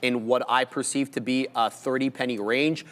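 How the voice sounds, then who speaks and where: A man's voice: mid-range voice, normal speed. Laid-back man explaining his trades. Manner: relaxed, explains his trade plan step by step. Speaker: day trading stream co-host. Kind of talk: casual live trading commentary.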